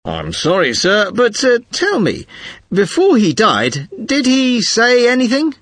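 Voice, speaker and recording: A man puts on a courteous pet-shop keeper, apologetic and eager to help. His voice sits high and swoops over a wide, lively range. It is recorded close and dry, with no room sound. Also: a little slow, no echo, heavily acted. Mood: polite. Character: shopkeeper man, polite and helpful.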